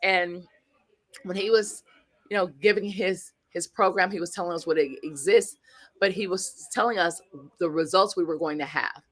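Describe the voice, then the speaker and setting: A woman guest speaker and coach telling stories in an interview, animated, acting out the quotes and speaking straight to the audience. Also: lowish voice, moderate pace, dry recording. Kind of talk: storytelling interview.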